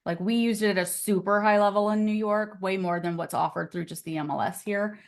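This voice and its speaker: A woman's voice: mid-range voice, fairly even intonation, a little fast. A woman teaching a casual live online class on real estate, chatty and upbeat and often laughing, on a computer mic over a video call.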